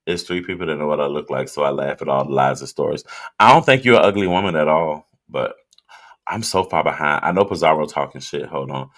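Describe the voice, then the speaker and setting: A man's voice: a bass voice, animated, brisk. A man hosting a casual livestream, reading viewer comments and talking loosely and directly to his audience while drinking. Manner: loose, chatty, talks straight to viewers. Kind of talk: casual live chat.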